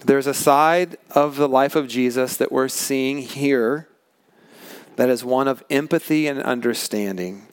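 A man preaching a sermon as pastor, earnest and emphatic, slowing down to stress key words. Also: medium pitch, smooth, no room sound. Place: large tent.

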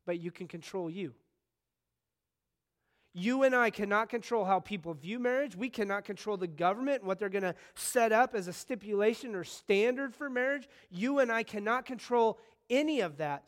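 High-voiced animated male preacher. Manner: conversational, animated storytelling with sudden bursts of excitement. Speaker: pastor. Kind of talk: sermon.

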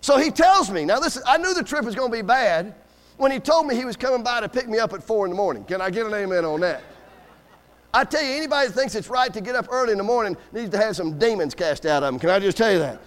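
A man's voice: high voice, animated, fast, big-room sound. A man preaching a sermon as a guest speaker, telling joking stories and calling for amens. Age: adult with school-age kids. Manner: folksy, joking storyteller with call-and-response amens. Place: church sanctuary.

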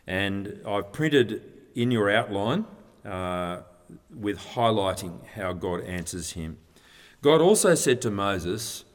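A man preaching a sermon from a handout, earnest and emphatic as he teaches scripture. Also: fairly low pitch. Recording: long reverb of a large hall.

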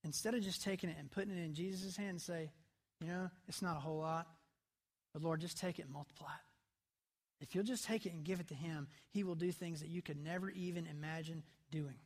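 Male pastor, high voice, chatty sermon delivery with soft intense drops. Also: steady tone, fairly quick. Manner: conversational preaching, drops to soft intense tones. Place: church sanctuary.

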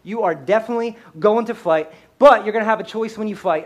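A man who is a pastor, telling a comedic story in a sermon in a high-strung, animated way. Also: fairly quick, few pauses.

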